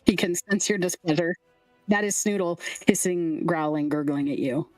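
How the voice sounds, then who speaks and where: A woman narrating a tabletop game as game master in a relaxed, descriptive way. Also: fairly low pitch, moderate pace, no echo, soft background music, low-quality recording.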